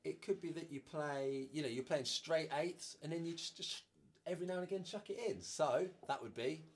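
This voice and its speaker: A man teaching a drum lesson, casually explaining a groove and counting the beats out loud. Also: fairly high pitch, normal speed. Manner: relaxed, counts beats aloud.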